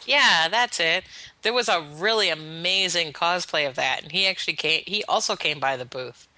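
A woman game developer chatting on a podcast, telling excited stories in a bubbly way. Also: lowish voice, moderate pace, no room sound, rough recording. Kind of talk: casual podcast chat.

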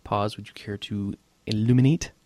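A man's voice: on the low side, steady tone, moderate pace, mellow, a little hiss or hum. A man hosting a casual gaming podcast, laughing often and rambling loosely. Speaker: podcast host.

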